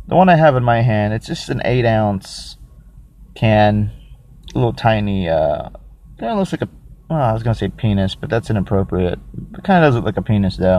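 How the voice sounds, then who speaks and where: A man hosting a casual solo podcast who rambles, thinks out loud and makes crude, self-mocking jokes while reviewing a drink. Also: fairly low pitch. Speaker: podcast host.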